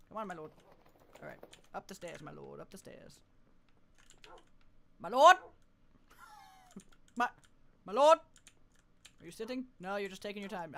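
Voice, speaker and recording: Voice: medium pitch, a bit bright, slight background noise. A streamer giving live gameplay commentary, playfully talking with mock deference and often laughing.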